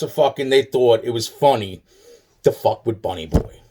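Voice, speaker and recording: A man's voice: medium pitch, normal speed, darkish tone, a little hiss or hum. A man delivering a rambling, agitated monologue, swearing constantly and repeating himself. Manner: profane, agitated, repetitive ranting.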